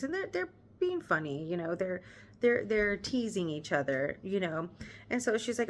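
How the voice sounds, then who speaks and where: A woman teacher explaining a classic novel, chatty and relaxed, retelling scenes in everyday modern slang. She often stops to recap with "you know" and "she's like.". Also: medium pitch, unhurried. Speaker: teacher reading a novel aloud. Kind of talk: reading aloud with casual commentary.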